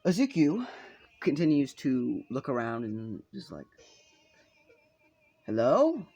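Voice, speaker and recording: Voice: medium pitch, lively intonation, unhurried, gravelly, mellow, muffled recording. Rambling, profane casual storyteller. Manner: rambling, swears a lot, many fillers. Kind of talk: improvised fan-fiction narration. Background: faint video game music.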